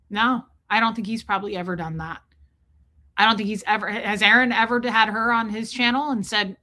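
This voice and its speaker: A woman hosting a livestream, talking fast and emphatically, repeating herself and breaking off to thank viewers in the chat. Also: fairly high pitch, sharp tone. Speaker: livestream host. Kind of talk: casual livestream commentary.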